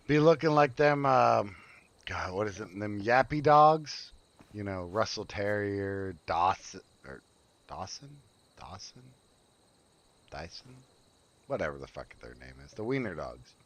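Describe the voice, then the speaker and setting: A man's voice: fairly low pitch, lively intonation, unhurried, a bit bright. A man streaming a game, chatting and teasing his viewers in a joking, casual way.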